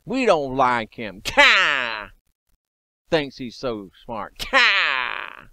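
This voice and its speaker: Jeering crows, put on by a man, squawking caw, petty, scornful, bright tense voice. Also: mid-range voice, sing-song, extremely slow, no room sound, clean studio sound, exaggerated voice. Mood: mocking. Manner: mocking, squawks caw between taunts.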